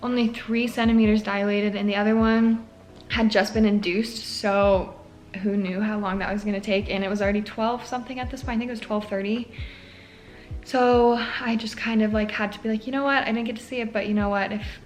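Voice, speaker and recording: A woman's voice: mid-range voice, level tone, brisk. A young woman, a nursing student, tells a story in a casual vlog, chatty and heavy on fillers, her voice cracking with emotion.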